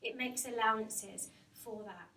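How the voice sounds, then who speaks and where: A hypnotherapist gives an informal talk to office staff in a company meeting room, chatting, laughing often and putting questions to the live audience. Her voice is a little high, bright and forceful at a measured pace, recorded roomy and distant with faint background noise.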